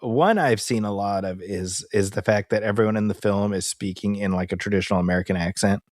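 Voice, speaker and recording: A man co-hosting a movie podcast in casual chat, animated and fond of quoting people in put-on voices. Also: fairly low pitch, a little fast, no room sound, clean studio sound. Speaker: podcast co-host.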